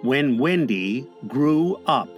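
A man narrating an audiobook in an expressive, playful storytelling manner. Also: mid-range voice, slow pace, muffled recording, soft background music.

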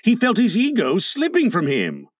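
A man narrating a storybook in an expressive, dramatic reading. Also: high-pitched, normal speed, no echo, studio quality. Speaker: audiobook narrator.

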